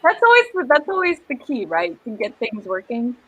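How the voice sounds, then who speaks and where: A woman's voice: fairly high pitch, huge pitch swings, normal speed, pushed and bright, slightly rough, muffled recording. A young woman hosting a casual writing livestream over a video call, chatty and giggly. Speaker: host.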